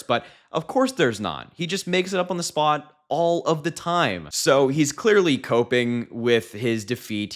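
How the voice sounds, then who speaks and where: A man's voice: mid-range voice, fairly bright tone. A man giving sarcastic, incredulous political commentary and mocking what he has just played.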